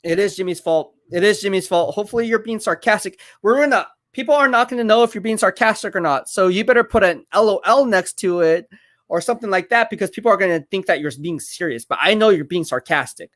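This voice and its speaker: His voice sits high and his pace is quick as he runs a live football watch party. He's excitable, responding to plays, talking with viewers and saying things more than once.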